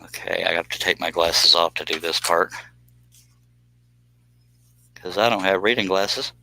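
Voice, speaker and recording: Low, forceful man. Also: unhurried, gravelly, a little hiss or hum, rough recording. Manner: joking, chatty, reads out viewer comments. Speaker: livestream host doing scroll saw work. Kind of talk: casual live-stream chat.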